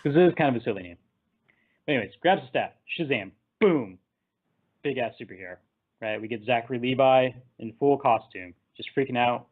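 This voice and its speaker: A man's voice: medium pitch, expressive, a little fast. Rambling man on a tinny line. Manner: rambling scene-by-scene retelling, laughing at his own jokes. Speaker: podcast host. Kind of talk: casual movie discussion.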